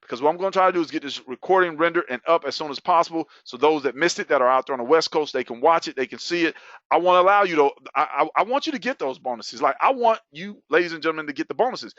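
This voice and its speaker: A fairly high-voiced man hosts a webinar and delivers a hyped sales pitch, breaking into whoops and laughs as he piles on offers. The sound is dull and lo-fi, and the voice is dry and close. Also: lively intonation, fast talker, a bit bright, dry recording. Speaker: webinar host.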